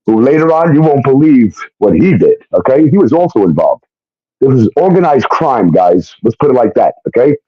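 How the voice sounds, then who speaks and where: A show guest with a medium-pitched voice recounts a long, foul-mouthed story of his own, swearing often. He's animated, acting out the voices of those in the tale, and the dull lo-fi stream audio has no echo.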